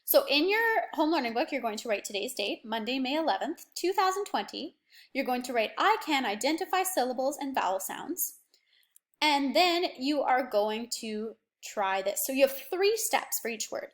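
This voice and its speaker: A young woman teacher giving a remote phonics lesson to children, patient and encouraging, stretching words out slowly. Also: high voice, expressive. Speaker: primary school teacher.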